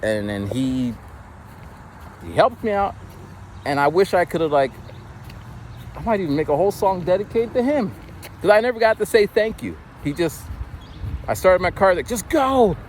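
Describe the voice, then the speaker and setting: A man's voice: high-pitched, sing-song, moderate pace, long pauses, a little mellow. A man telling a casual story as a vlogger, rambling with many restarts and repeated words, recorded on a phone outdoors near traffic.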